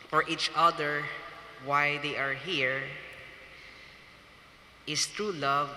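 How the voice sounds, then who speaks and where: A man with a Filipino accent, officiating a wedding and giving a slow, emphatic homily. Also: on the high side, sharp tone, slight background noise. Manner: slow emphatic preaching with banter. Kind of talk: wedding homily mixing English and Hiligaynon. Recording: echoey reverberant hall, distant ambience.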